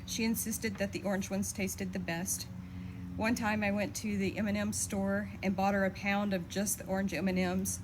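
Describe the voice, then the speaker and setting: A woman reading a eulogy for her mother, steady and heartfelt, fondly reminiscing. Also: mid-range voice, normal speed, background noise. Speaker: daughter giving a eulogy. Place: memorial service.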